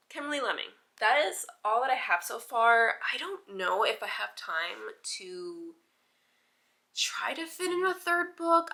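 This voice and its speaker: A woman chatting casually in a book vlog, animated and informal, leaning on "like" and dropping the odd swear word. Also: medium pitch. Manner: chatty and animated, heavy use of "like". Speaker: book vlogger. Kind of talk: casual reading vlog chat.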